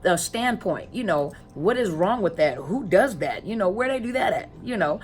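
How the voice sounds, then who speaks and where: Expressive and medium-pitched at a normal speed, this woman counselor who coaches on narcissistic abuse talks casually to viewers to educate them. She leans on rhetorical questions and repeated phrases, filling gaps with fillers as she hunts for words.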